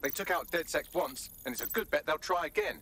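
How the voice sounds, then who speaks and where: A wry resistance handler in a video game, handing out orders with dry asides. The voice is bright and fairly high, with lively pitch, over a faint bed of game ambience. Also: male voice, a little fast, slight background noise. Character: wry male resistance ally giving missions.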